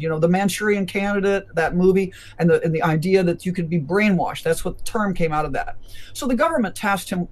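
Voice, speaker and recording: A man who is a physician, speaking as a guest in a conversational interview in an emphatic, lecturing manner. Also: high voice.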